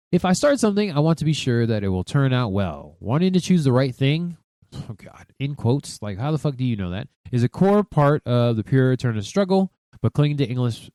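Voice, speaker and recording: A man in his thirties hosts a solo podcast, swearing freely and piling on emphasis as he talks things through with himself. His pitch swings widely from low mutters to high exclamations. The sound is close and dry, with no room around it. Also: mellow, no room sound. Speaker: podcast host.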